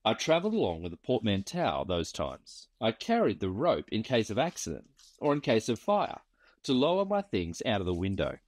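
Wry bushman yarn-spinner, read by a man, lively up and down delivery, dry close sound. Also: lowish voice, moderate pace, no echo. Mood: drawling yarn. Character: weathered male bushman spinning yarns.

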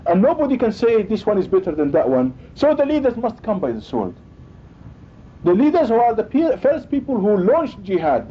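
A man preaching a sermon with emphasis, acting out quoted exchanges as he goes. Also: breathy edge. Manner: emphatic, acts out quoted dialogue. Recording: dull lo-fi recording with faint rumble.

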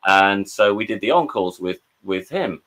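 An English drummer appearing as a guest on a video call tells rambling anecdotes in a casual storytelling interview, quoting voices and restarting often. His voice is lowish and a bit bright, with lively intonation at a normal speed.

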